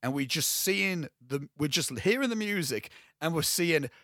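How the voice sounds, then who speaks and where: A young man co-hosting a podcast, talking casually and excitedly about a film, rambling and swearing freely. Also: on the high side, moderate pace, dry recording, clean studio sound. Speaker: podcast co-host.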